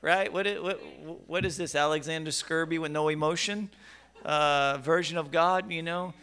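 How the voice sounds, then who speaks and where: High, bright-voiced male preacher. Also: normal speed, clear, resonant tone. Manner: emphatic, with rhetorical questions and repeated words; animated, swinging from quiet to loud. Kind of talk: sermon.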